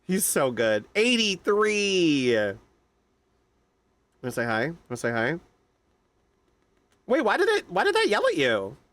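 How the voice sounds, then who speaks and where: A man streaming a game live, chatting casually with loud, excitable outbursts. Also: high-pitched, unhurried, pauses often, no room sound. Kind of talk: casual live-stream chat over gameplay.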